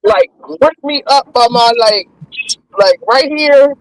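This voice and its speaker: Blunt high-voiced woman. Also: animated, takes it slowly, low-quality recording. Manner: blunt, profane, laid-back talk. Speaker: mother in a friends' chat. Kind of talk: casual chat.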